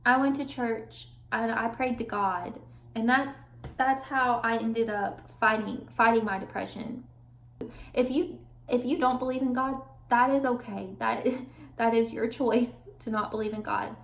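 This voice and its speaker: Young woman vlogging at home, earnest, kinda high voice, lots of restarts, room echoes a lot. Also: steady tone, measured pace. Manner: earnest and candid, with restarts and nervous laughs. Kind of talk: personal storytelling vlog. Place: at home with her dog nearby.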